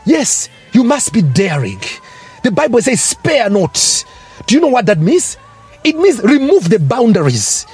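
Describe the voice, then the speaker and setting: Fervent husky-voiced preacher. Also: male voice, very high voice, huge pitch swings, unhurried, a little mellow, faint music behind. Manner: fervent, repetitive exclamations and rising cries. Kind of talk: sermon with speaking in tongues.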